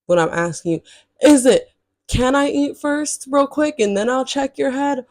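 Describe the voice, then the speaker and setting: A woman vlogger telling a story straight to her viewers, chatty and blunt, swearing freely and jumping into high exasperated outbursts. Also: expressive, moderate pace, darkish tone, dry recording, studio quality. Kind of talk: casual storytelling to camera.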